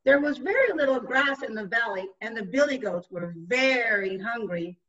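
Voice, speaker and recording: A woman narrating a children's storybook, reading slowly and expressively. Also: a little high, animated, a bit bright, distant mic, highs cut off. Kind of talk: storybook read-aloud.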